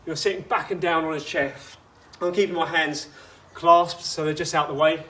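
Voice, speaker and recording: A man's voice: on the high side, fairly even intonation, normal speed, fairly bright tone. A man coaching a workout outdoors, chatty and instructive with personal asides. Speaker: fitness coach.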